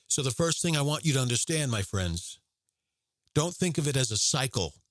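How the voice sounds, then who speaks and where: A man's voice: medium pitch, no room sound, studio quality. A man, a former Marine, hosting a Catholic podcast who tells a personal story and preaches earnestly, repeating his key points. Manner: earnest, repetitive, preacherly emphasis.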